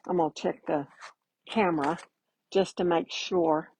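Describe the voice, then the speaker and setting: A woman's voice: lowish voice, steady tone, measured pace, darkish tone, a little hiss or hum, low-quality recording. A woman giving a casual live painting demo, chatty and folksy, greeting viewers by name as she works. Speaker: painting instructor.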